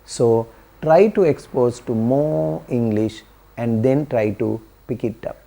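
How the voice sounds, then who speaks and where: A man's voice: medium pitch, takes it slowly, vocal fry, mellow, a little hiss or hum. A male English teacher explaining language learning in an earnest way, repeating his main points. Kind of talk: explanatory talk to camera.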